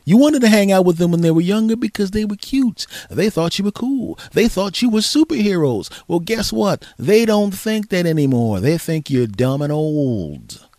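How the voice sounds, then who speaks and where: A middle-aged man hosting a podcast, delivering an animated comedic rant into a close microphone. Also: high voice, normal speed, no echo. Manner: ranting, animated, shifts into mock voices. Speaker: podcast host. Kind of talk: comedic solo monologue.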